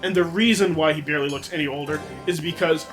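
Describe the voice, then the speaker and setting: A man's voice: on the high side, fast, fairly bright tone, faint music behind. A young adult man telling a long story in casual chat, rambling and profane.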